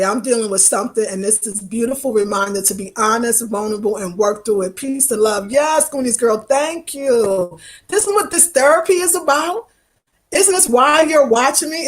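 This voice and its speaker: A woman in her fifties, with a high-sitting voice, chats casually with her livestream viewers and reads their comments aloud. She is expressive and emotional, and sounds tired from travel.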